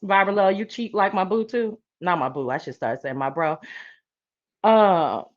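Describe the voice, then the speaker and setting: A woman's voice: mid-range voice, moderate pace, lo-fi sound. A woman hosting a casual live-stream chat, talking in a playful, sassy, slang-filled way and answering her viewers. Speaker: live-stream show host.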